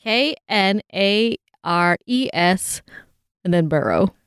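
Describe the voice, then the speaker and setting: Woman podcast co-host, giggly and animated, dry close recording. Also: medium pitch, slow, smooth, no room sound. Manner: giggly, laughs often between lines. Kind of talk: casual chat.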